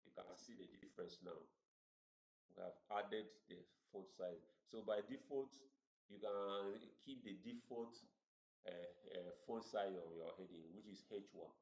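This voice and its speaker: Halting man teaching code. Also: fairly low pitch, a little mellow. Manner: halting, repeats words while explaining. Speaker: coding instructor. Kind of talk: screen-share coding tutorial. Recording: roomy, dull lo-fi recording.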